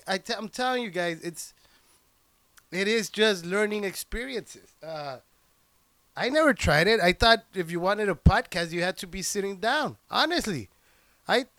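This is casual, rambling podcast chat from a young man who hosts the show and does stand-up, cursing often and restarting his excited thoughts again and again. He speaks at a measured pace with frequent pauses, his high voice smooth and resonant. A handheld microphone plugged into a computer captures him dry and up close, with no room around him.

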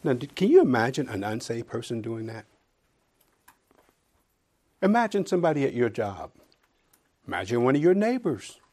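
A man giving a conversational Bible teaching, building to loud emphasis as he reads scripture and dropping into dry, sarcastic asides. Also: mid-range voice, big pitch swings, normal speed, pauses often.

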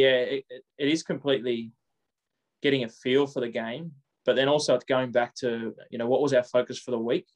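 A man, a coach answering interview questions in quick runs with frequent repeated words. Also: medium pitch.

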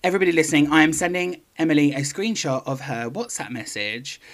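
Low, lively English woman podcaster. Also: fast talker, a little hiss or hum. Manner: teasing, swears casually. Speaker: podcast co-host. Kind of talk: casual chat.

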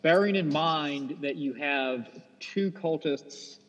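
Easygoing man as game master. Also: on the high side. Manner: easygoing, measured, amused. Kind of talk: narrating a tabletop game. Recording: dull roomy recording with long reverb.

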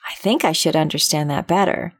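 A woman's voice: sits low, brisk, slightly rough, dry recording, clean studio sound. Brief: polite young girl, read by a woman, earnest and curious.

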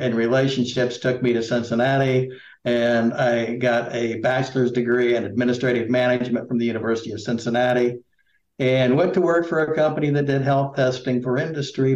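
A man's voice: medium pitch, fairly even intonation, moderate pace, darkish tone, roomy sound, lo-fi sound. A middle-aged man from Indiana, a political candidate, talking casually in an interview with lots of fillers and restarts. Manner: rambling, many fillers and restarts.

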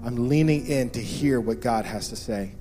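Earnest male pastor preaching over soft guitar. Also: medium pitch, normal speed. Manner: earnest, repeats key phrases for emphasis. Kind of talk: sermon.

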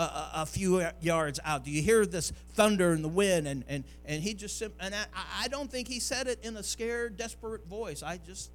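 A male pastor, preaching a sermon that builds to near-singing climaxes. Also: sits high.

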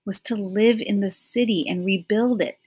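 A woman narrating an audiobook chapter in a measured, expressive storytelling manner. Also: medium pitch, slightly rough. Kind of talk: audiobook reading of a novel.

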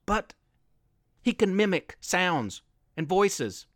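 A man's voice: high voice, big pitch swings, takes it slowly, fairly bright tone, no room sound, studio quality, exaggerated voice. A man doing a cautious, insistent girl. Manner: careful, insistent warnings. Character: cautious young girl, sensible and worried.

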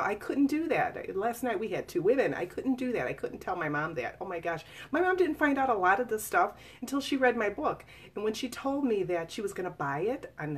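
A woman's voice: lowish voice, husky. A woman in her forties sharing a personal story in an earnest, confiding way, speaking casually with fillers and restarts. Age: 40s. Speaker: author reading and discussing her memoir. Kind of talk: personal testimony, casual live talk.

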